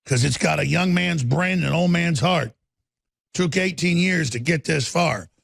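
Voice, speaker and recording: A man's voice: a little high, unhurried, gravelly, dry recording. A man hosting a talk show, delivering a rambling, impassioned monologue into a studio microphone.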